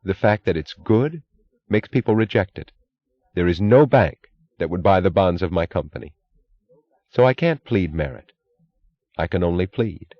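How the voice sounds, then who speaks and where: A man's voice: sits low, animated, moderate pace, pauses often, highs cut off. Man reading as a precise, pleading woman executive. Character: determined woman railroad executive.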